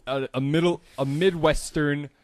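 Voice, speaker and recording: A man's voice: on the high side, fairly even intonation, unhurried, no room sound. A man from Indiana co-hosting a podcast, telling an improvised story in a rambling, hesitant way with lots of fillers. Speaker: podcast co-host.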